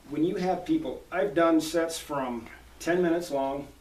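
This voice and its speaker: A man's voice: on the high side, measured pace, darkish tone. A man talking as a cowboy poet guest in a casual interview, folksy and storytelling. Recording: echoey room, distant mic, faint noise.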